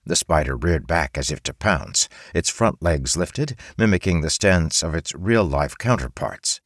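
A man narrating an audiobook in an expressive storytelling manner, recorded close on a studio mic. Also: extremely low pitch, measured pace, hardly any pauses, no echo. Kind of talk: scripted narration.

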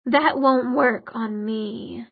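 A woman's voice: on the high side, animated, takes it slowly, vocal fry, slightly rough, no room sound, heavily acted. A woman voicing a smug, pleasant male demon who drawls in a bored way. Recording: dry, phone-like narrow sound.

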